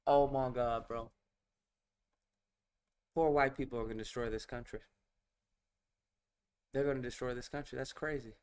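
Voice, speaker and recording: A man's voice: medium pitch, fairly even intonation, normal speed, pauses often, darkish tone, clean tone. A man hosting a reaction video, giving casual commentary and exclaiming in disbelief as he repeats himself.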